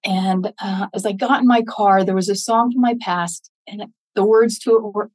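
Woman guest, earnest storyteller, mid-range voice, dry close sound, lively when quoting people. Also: medium pitch, moderate pace, hardly any pauses, no room sound, low-quality recording. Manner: earnest, faith-filled, animated when quoting others. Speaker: podcast guest, Gold Star mother. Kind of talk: interview storytelling.

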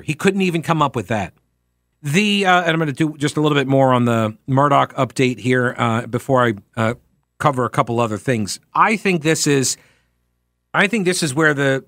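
A man hosting a talk show, giving animated commentary on a trial and acting out quoted speech with rhetorical questions. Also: a little high, no room sound, clean studio sound.

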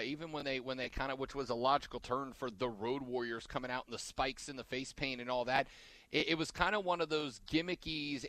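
Male podcast host, bright dry voice, rambling and conversational, restarts his sentences often. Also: mid-range voice, dry recording. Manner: rambling, trails off and backtracks mid-sentence. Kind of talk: casual wrestling podcast chat.

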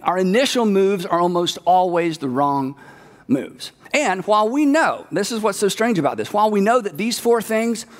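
A man with a high voice preaches a sermon, animated and conversational, slipping into the voices of the people he describes. His words ring out with a long echo, like a big hall. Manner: animated, acts out quoted voices. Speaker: pastor.

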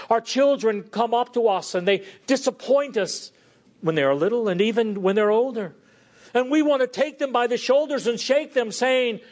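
At a moderate pace, a man delivers a fervent sermon, his voice rising into pleading questions and sinking low and soft for emphasis.

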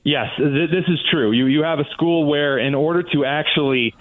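A man calls in over a thin, tinny phone line, his voice sitting a little high for a man. He talks in a sarcastic, mocking way, and the sound is dry and close. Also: normal speed, no room sound. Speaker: guest commentator. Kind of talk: political talk radio interview.

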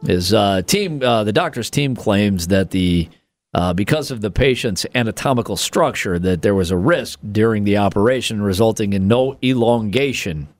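A man's voice: lowish voice, animated, normal speed, dry recording. A man co-hosting a comedy podcast, reading odd news stories aloud with plenty of swearing and jokes. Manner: reads news items aloud, profane, jokey. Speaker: podcast co-host. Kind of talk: casual comedic chat.

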